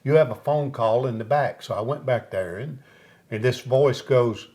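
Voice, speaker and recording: Man telling lively stories in an interview. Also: medium pitch, moderate pace. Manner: lively storyteller who acts out other people's lines. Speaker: interview guest, singer. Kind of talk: storytelling in a casual interview.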